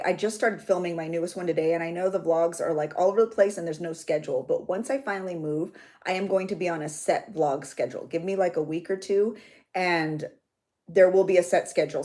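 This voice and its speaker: A woman's voice: fairly low pitch, a little fast, mellow. A woman in her thirties hosting a live chat for her journaling channel, bubbly and chatty, greeting viewers by name and laughing often.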